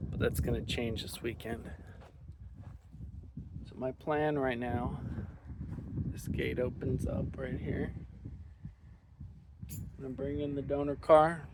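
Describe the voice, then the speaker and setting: A man talks through his own outdoor mechanic vlog, thinking aloud in a relaxed, plain-spoken way. His pace is slow and unhurried, and his voice sits in a middle register. A steady layer of outdoor yard noise runs under everything. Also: mid-range voice. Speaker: mechanic vlogger. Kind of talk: casual self-filmed work vlog. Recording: noisy outdoor ambience.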